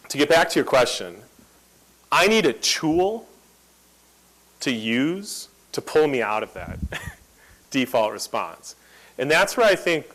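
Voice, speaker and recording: Animated man telling a story. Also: medium pitch, poor audio. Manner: animated, acts out quotes. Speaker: guest speaker. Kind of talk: storytelling talk. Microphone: lapel mic.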